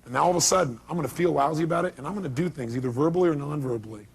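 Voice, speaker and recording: A middle-aged male motivational speaker works a seminar crowd with emphatic points and questions to the audience. His voice is husky and sits a little high for a man. He presses each point hard. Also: racing.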